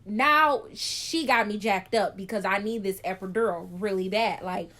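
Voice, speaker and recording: A young woman telling a personal story in a casual vlog, chatty and animated, acting out scenes with gasps. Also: mid-range voice, moderate pace. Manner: chatty, frequent "like" fillers. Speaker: vlogger.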